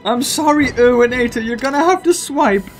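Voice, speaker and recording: A British man giving excitable gameplay commentary as a gaming video host, gushing and laughing between lines. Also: extremely high pitch, moderate pace, faint music behind.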